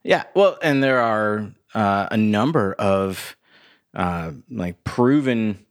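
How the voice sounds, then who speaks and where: A man co-hosting a podcast in casual chat, halting and full of fillers. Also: fairly low pitch, expressive, no echo, studio quality. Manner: halting, many fillers and restarts. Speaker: podcast co-host. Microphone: hears his own voice in headphones.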